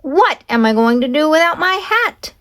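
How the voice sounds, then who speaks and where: Woman playing a small heartsick storybook cowboy guy, voice pushed way up high, theatrical pleas. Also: very animated, normal speed, a bit bright. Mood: anguished. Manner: high, pleading, dramatic calls. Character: lovelorn little male would-be cowboy.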